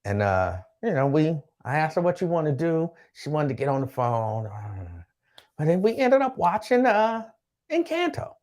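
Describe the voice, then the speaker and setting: A man's voice: fairly high pitch, sing-song, normal speed, a little mellow. Laid-back man hosting a live-stream chat. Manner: laid-back, repeats phrases, chats to viewers by name. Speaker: host.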